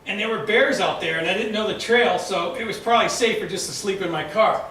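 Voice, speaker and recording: High, bright-voiced man with a Boston accent. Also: a little fast, slight background noise. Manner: lively storyteller, acts out shouted quotes. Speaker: club speaker. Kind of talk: prepared storytelling speech. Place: club meeting room. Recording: echoey room from far off.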